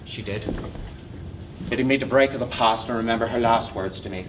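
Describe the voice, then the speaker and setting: A man's voice: mid-range voice, fairly quick, lightly acted. A man playing a brooding, bitter man. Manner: intense, brooding, often hushed. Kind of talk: stage play acting. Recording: distant mic with noisy hiss.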